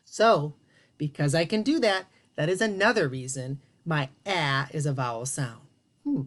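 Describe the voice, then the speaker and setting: A woman teaching a children's phonics lesson in an animated, encouraging way, drawing out each sound. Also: deep voice. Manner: sing-song, animated, encouraging with drawn-out sounds.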